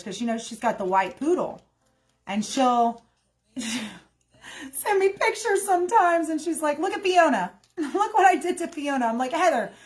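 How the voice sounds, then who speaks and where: A young woman, telling a casual, rambling story to her viewers, animated and laughing, slipping into quick voices of her friends. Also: mid-range voice, low-quality recording. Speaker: vlogger.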